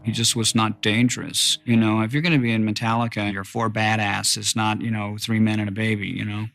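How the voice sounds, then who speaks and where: A man's voice: fairly low pitch, flat delivery, fairly quick, vocal fry, a bit bright, soft background music. A man in an interview, recounting old band fights in a blunt, matter-of-fact way.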